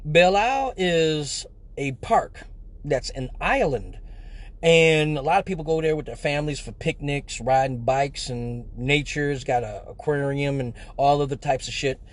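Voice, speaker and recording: Man from Michigan, high-pitched, cussing his way through a casual live-stream story. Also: measured pace. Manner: profane, animated, slangy storyteller. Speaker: live show host.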